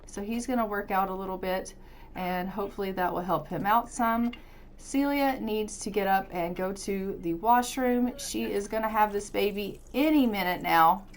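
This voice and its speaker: A woman's voice: mid-range voice, moderate pace, a little hiss or hum. A woman casually commentating her life-simulation gameplay as a let's-play host, chatty and upbeat. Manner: chatty, upbeat, narrates what she does in the game.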